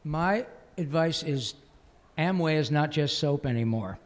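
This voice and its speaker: A man's voice: a little high, expressive, a little slow. A man in his sixties, a voice actor on a convention panel, chatting in an enthusiastic, jokey way. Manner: jokey, enthusiastic, chimes in often. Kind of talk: casual panel chat. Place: convention hall. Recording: long echo of a convention hall, faint noise.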